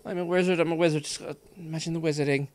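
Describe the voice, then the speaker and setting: A man's voice: a little high, fairly even intonation, rapid-fire, darkish tone, clean tone. A man livestreaming gameplay commentary, frustrated and swearing through exasperated outbursts. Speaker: let's play streamer.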